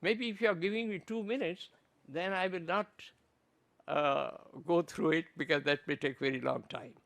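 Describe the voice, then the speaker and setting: A man from Pakistan, giving an earnest, halting conference talk with many restarted phrases. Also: fairly high pitch, vocal fry, a bit bright. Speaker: conference presenter.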